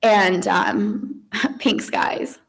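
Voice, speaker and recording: A middle-aged woman, the mother, giving a eulogy at a memorial service. She talks in a conversational, halting way, with many ums and restarts, and soft tearful laughs between memories. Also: medium pitch, creaky, low-quality recording.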